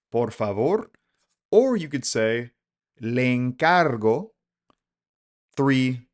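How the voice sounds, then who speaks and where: Casual male podcast host teaching. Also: fairly low pitch. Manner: relaxed, chatty, repeats phrases slowly for learners. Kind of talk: casual spoken lesson.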